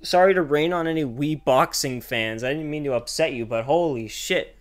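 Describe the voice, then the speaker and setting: A young gaming streamer gives casual, profane commentary on his gameplay at normal speed, swinging between loud, excited outbursts and low muttering.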